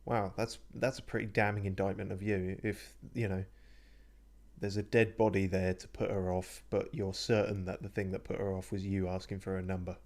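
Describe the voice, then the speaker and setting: A man's voice: low voice, level tone, moderate pace, darkish tone. A man chatting casually as he streams a game, often laughing and reading out his choices. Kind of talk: casual let's play commentary.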